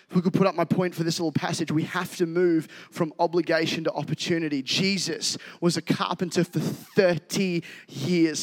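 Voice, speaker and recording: Male pastor, high voice, energetic casual sermon, reverberant church hall. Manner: energetic, climbing to shouts when fired up.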